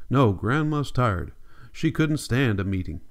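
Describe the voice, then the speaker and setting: A man's voice: medium pitch, big pitch swings, measured pace. A man reading the part of a tired, stern migrant mother in an audiobook, weary and firm.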